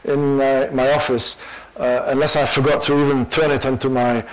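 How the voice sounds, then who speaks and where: An older man giving a university lecture, animated and full of fillers. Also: medium pitch, moderate pace, poor audio. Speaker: guest lecturer.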